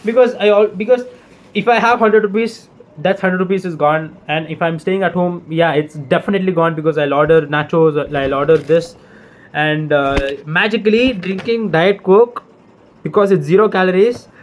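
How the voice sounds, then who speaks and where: A young man talks straight to the camera in a rambling, casual rant. His voice sits a little high for a man. He swears freely and sounds exasperated. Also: normal speed, a little hiss or hum. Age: young adult. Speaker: vlogger.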